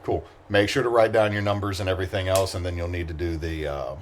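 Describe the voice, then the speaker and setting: A man's voice: low-pitched, quick pace, slight background noise. A man running a tabletop game as its game master, laid-back and swearing freely. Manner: laid-back, swears freely, reads setup in a flat briefing tone.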